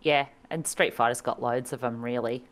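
Low-voiced woman, wry podcast chat. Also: steady tone, moderate pace. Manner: wry, chatty, laughs often. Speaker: podcast co-host. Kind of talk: casual chat.

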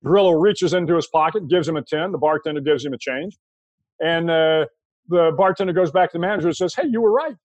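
An older American man, a guest in an interview, telling a long anecdote in a relaxed, conversational way with frequent restarts. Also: a little high, quick pace, no room sound, lo-fi sound. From United States. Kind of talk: storytelling anecdote.

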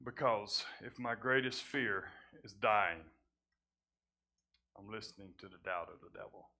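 A man preaching a sermon in a conversational way, often repeating words and dropping his voice low at times. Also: a little slow, gravelly, pushed and bright. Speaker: pastor. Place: church sanctuary.

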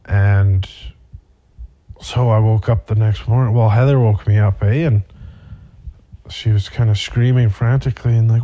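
A man's voice: lowish voice, steady tone, a little slow, pauses often, highs cut off. A young man hosting a podcast, telling a rambling, profane personal story with many fillers. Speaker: podcast host. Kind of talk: casual storytelling monologue.

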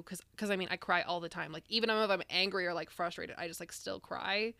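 A woman's voice: medium pitch, quick pace, vocal fry, few pauses, pushed and bright, dry recording. A young woman co-hosting a podcast, chatting casually and rambling with lots of "like"s and restarts. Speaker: podcast co-host. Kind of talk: casual chat.

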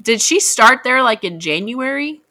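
A woman's voice: on the high side, lively intonation, moderate pace, pushed and bright, no room sound. A young woman reading a novel aloud and mocking it in casual, laughing chat. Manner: sarcastic, laughing, mock-gushing.

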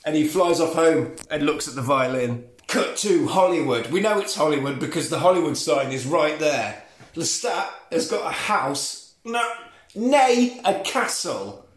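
A man's voice: fairly high pitch, echoey room. Sweary man retelling a film, laughing. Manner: sweary, laughing, retells scenes with quoted voices. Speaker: podcast co-host recapping a film. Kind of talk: casual comedic chat.

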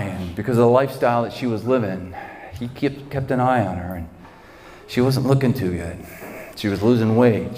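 A pastor with a mid-range, slightly mellow voice delivers sermon storytelling in a church sanctuary. He dramatizes the story vividly and comes back to the same phrases, all under a long church-hall reverb.

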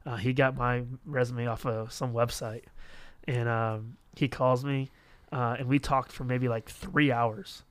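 A man's voice: medium pitch, level tone, unhurried. A young man from Florida, a youth pastor, telling a rambling story in casual conversation. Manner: rambling storyteller, acts out quoted voices.

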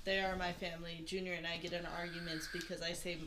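Low-pitched young woman, earnest chat. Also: level tone, quick pace, a bit bright, slight background noise. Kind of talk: casual chat.

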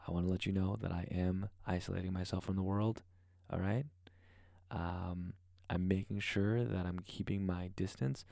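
Guy rambling thru a late night podcast intro, dark mellow voice, dry close mic. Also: low voice, steady tone, vocal fry, no room sound. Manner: fast, rambling, playful. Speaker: podcast host. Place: converted garage at home. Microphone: podcast microphone.

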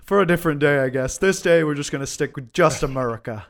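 A man's voice: fairly high pitch, fast talker. A man co-hosting a podcast, chatting in a laid-back, jokey way. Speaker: podcast co-host. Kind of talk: casual chat.

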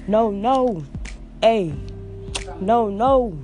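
Woman freestyler, playful and brash, drawn-out delivery over a beat. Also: on the high side, expressive, darkish tone. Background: music beat.

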